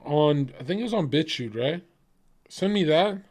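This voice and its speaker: A man streaming casually, reacting to videos with profane jokes and sudden shouted bits. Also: a little high, lively intonation, moderate pace. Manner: profane, jokey, jumps to loud shouting bits.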